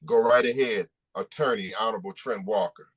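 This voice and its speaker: A man's voice: fairly low pitch, fairly quick, husky. Emphatic man asking rhetorical questions. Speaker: attorney hosting a press conference. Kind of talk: press conference speech.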